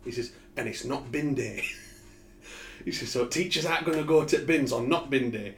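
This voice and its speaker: A man's voice: medium pitch, moderate pace, a bit bright. Man telling stories in an echoey room. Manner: storytelling, swears, laughs often. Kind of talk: casual chat.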